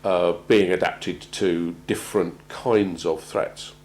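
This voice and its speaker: A man gives a measured talk on crisis planning, often pausing and repeating words as he goes. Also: low-pitched, fairly even intonation, a little mellow, low-quality recording. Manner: measured, halting, repeats words while finding them. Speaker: presenter on organisational crisis planning. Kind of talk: prepared talk to an audience.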